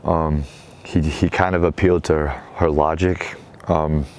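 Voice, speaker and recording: A man's voice: a bass voice, flat delivery, unhurried, darkish tone, a little hiss or hum. A man hosting his own show, casually retelling a story in slangy talk and quoting the characters as he goes. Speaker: show host.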